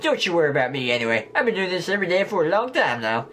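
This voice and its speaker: A man with a slight lisp voicing a gruff southern male swordsman, reading game dialogue in a drawling, put-on American Southern accent. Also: high-pitched, very animated, rapid-fire, a bit bright, soft background music. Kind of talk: game dialogue read aloud.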